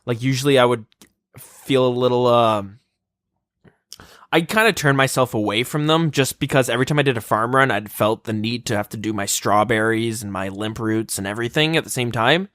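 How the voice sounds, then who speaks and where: A man's voice: medium pitch, fairly quick, fairly bright tone, no room sound, clean studio sound. A young man co-hosting a gaming podcast, joking, swearing freely and asking questions. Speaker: podcast co-host. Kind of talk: casual gaming chat.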